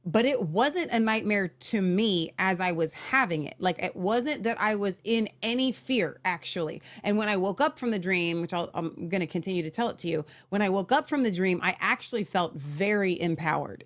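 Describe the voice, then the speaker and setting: A woman hosting a show, telling a story in a casual, earnest, conversational way and correcting herself as she goes. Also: lowish voice. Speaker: show host.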